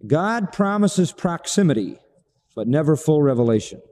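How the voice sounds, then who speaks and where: A man preaching a sermon, dramatic, swinging between booming high phrases and hushed low ones. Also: sing-song, moderate pace. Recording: long hall reverb.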